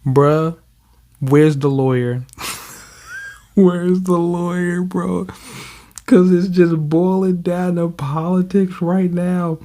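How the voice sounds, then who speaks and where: A man hosting a casual manga reaction, talking in a slangy, animated way, laughing often and calling everyone "bro". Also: sits high, slow, pauses often.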